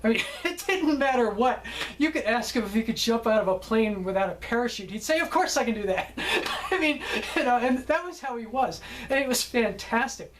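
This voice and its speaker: A man's voice: very high voice, animated, moderate pace, fairly bright tone, low-quality recording. Guy director spinning set stories, chatty, keeps saying okay?, faint noise behind. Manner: chatty, keeps adding "okay?", laughs at his own stories. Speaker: film director. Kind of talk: anecdotal storytelling.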